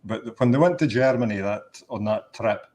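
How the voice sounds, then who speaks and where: A man with a Scottish accent, a guest musician telling a long story in a relaxed radio chat, with restarts along the way. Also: medium pitch, normal speed. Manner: chatty anecdotes with restarts, laughing at his own punchline.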